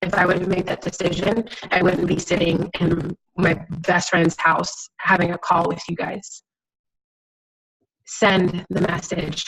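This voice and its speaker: A woman's voice: on the low side, little pitch movement, normal speed, vocal fry, few pauses, fairly bright tone, breathy edge, poor audio. A young adult woman, pregnant and close to tears, giving an earnest, emphatic motivational talk over a video call from a friend's house. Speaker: guest network-marketing coach.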